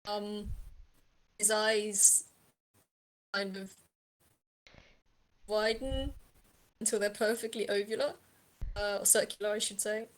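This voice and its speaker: A woman narrating a tabletop game as game master, in a hesitant manner with many pauses and ums. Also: medium pitch, fairly even intonation.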